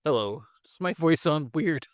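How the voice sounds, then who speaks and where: A man's voice: fairly high pitch, animated, moderate pace, no room sound. A man co-hosts a podcast in loose, joking chat, padding his talk with fillers. The dry, close sound has no room around it. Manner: joking, rambling, lots of fillers. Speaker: podcast co-host.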